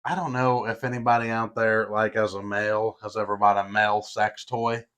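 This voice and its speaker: A man's voice: lowish voice, level tone, normal speed, a bit bright, clear, resonant tone. A man in his thirties co-hosting a podcast, joking crudely in a boisterous, casual way. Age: 30s. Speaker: podcast co-host.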